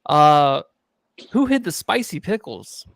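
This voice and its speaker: A man's voice: a little high, sing-song, slow, gravelly, dry recording, clean studio sound. A man co-hosting a casual sports podcast, joking and goofy, swearing freely. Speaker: podcast co-host.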